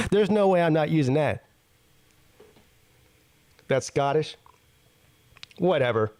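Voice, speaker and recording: A man's voice: on the high side, expressive, slow pace, a little mellow, no room sound. A man hosting a live sports talk stream, chatting casually with frequent stammers and restarts. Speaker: sports show host.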